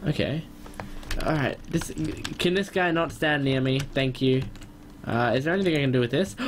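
Excitable young man narrating gameplay. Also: a little hiss or hum. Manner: excitable, quickly frustrated, jumps high when upset. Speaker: gaming channel host. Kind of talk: gameplay commentary.

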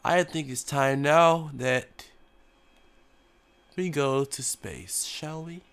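A man's voice: fairly high pitch, takes it slowly, fairly bright tone, smooth. A young man, sick with a cough, giving casual joking commentary while playing a flight game as a mock tour pilot. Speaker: gaming YouTuber.

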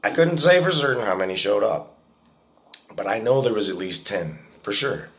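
A man's voice: fairly low pitch, animated, moderate pace. A man in his forties telling a story to his viewers in a casual, profane, boastful way. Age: 40s. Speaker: vlogger.

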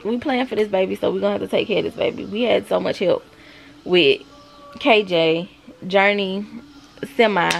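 A woman's voice: medium pitch, steady tone, normal speed, creaky, soft background music. A woman in her thirties, a mother chatting casually and confidingly to her viewers at home. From South Carolina, US. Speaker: vlogger, mother. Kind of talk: casual chat to camera.

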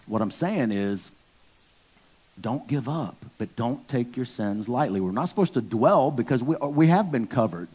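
A man preaching a casual sermon to his church, blunt and conversational with slang, climbing into loud emphatic bursts. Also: medium pitch. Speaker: pastor.

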